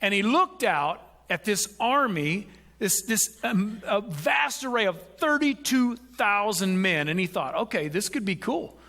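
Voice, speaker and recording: Male preacher, high and bright voice, animated delivery, sermon. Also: unhurried. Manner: animated, acts out quoted prayers with rising pitch.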